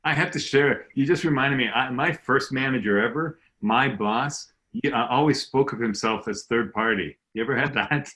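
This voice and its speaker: A man's voice: mid-range voice, normal speed, few pauses, sharp tone. A man hosting a casual panel discussion over a video call, chatty and reading out statistics from his notes. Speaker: panel host.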